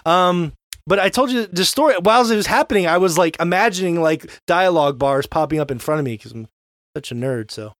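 A man's voice: on the high side, brisk, dry recording. Young man telling a story, dry studio sound. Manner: animated storyteller, swears casually. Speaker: podcast co-host. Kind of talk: casual chat.

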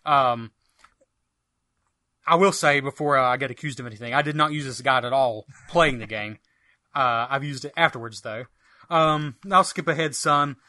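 A man's voice: mid-range voice, normal speed, bright, forceful tone, dry recording. A man co-hosting a podcast, chatting enthusiastically about retro games with a rambling, filler-filled delivery. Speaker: podcast co-host. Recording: dry close mic.

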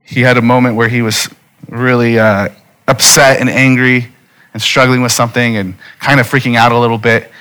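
A man in his thirties preaches a sermon in a mid-pitched voice. He speaks earnestly and conversationally and turns often to his listeners with direct appeals. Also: little pitch movement, moderate pace, bright, forceful tone, smooth. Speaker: pastor.

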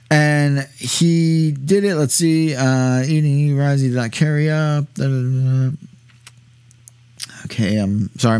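A man's voice: medium pitch, darkish tone, clear, resonant tone, no room sound, clean studio sound. A man teaching, reading a text aloud and commenting in a hesitant way, with many fillers and restarts.

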